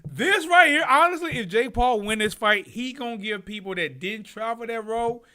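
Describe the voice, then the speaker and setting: A man giving casual live commentary on a boxing card, excitable and slangy, talking back to the screen and his viewers. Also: extremely high pitch, moderate pace.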